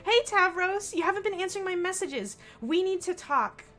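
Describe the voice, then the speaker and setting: A brash, bossy teenage troll girl from a game, loud and pushy, with a valley-girl tilt, as a woman puts her on. The voice sits high and bright and swings widely in pitch. She leans on every line. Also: very animated, moderate pace, faint music behind.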